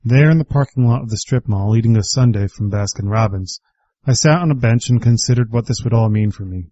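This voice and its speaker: Brisk and mid-range, a warm, mellow male voice narrates a personal story with a reflective, wry touch. There's no room sound; the recording is dry and slightly dull.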